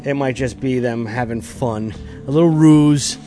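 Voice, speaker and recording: A man's voice: mid-range voice, unhurried, mellow, soft background music. A man co-hosting a casual, crude comedy chat, giggling and rambling with repeated catchphrases. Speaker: podcast co-host.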